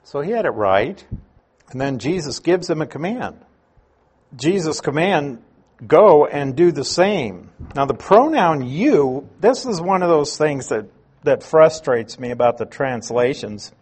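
Male preacher, slightly high and husky, slow and lively, leaning hard on key words. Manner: slow, deliberate teaching with emphatic stresses. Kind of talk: sermon.

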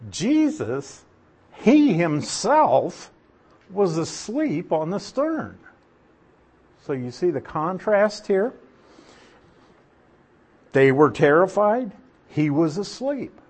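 Slow, husky-voiced male Bible teacher. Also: a little high. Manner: explains Greek word studies, asks the listeners questions.

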